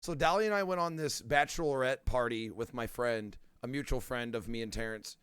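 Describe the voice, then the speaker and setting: A man's voice: medium pitch, brisk, clear, resonant tone, dry recording, clean studio sound. A young man hosting a podcast, telling chatty anecdotes in casual conversation. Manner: lively, chatty anecdote-teller. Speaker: podcast host. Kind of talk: casual chat.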